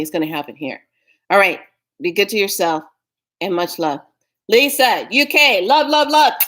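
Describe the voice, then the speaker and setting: A woman's voice: mid-range voice, a bit bright. A woman talking casually to her viewers as a spiritual vlogger, playful and affectionate, laughing often.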